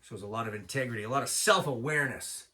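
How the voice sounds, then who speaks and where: A man performing a raw, profane stand-up set on a small self-built stage, loud and animated. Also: medium pitch, fast talker, far from the mic. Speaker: stand-up comic.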